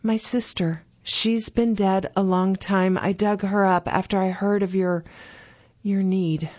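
A woman voicing a young girl who speaks softly and steadily. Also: medium pitch, unhurried, no echo, highs cut off, pitched below the performer's own voice, natural voice. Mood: steady, soft. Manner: soft, steady and quiet.

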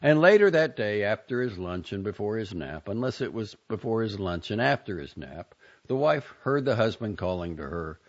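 A man reading short fiction and poetry aloud with an expressive, dramatic delivery, in a dull lo-fi recording. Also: on the low side, moderate pace. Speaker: reader.

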